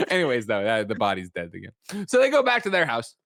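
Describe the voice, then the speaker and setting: A man casually recapping a film plot on a podcast, animated and swearing freely, jumping into quick voices for the characters. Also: mid-range voice, dry recording, studio quality. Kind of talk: casual chat.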